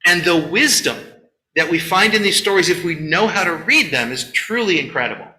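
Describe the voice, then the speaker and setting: Lively high-voiced man giving a sermon. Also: moderate pace. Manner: animated storyteller, acts out quotes, chatty asides. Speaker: rabbi leading a Shabbat service. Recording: echoey room.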